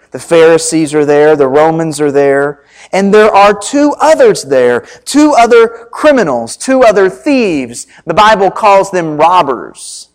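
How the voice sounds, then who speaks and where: Slow, deliberate preaching man. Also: a little high. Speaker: pastor. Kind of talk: sermon with scripture reading.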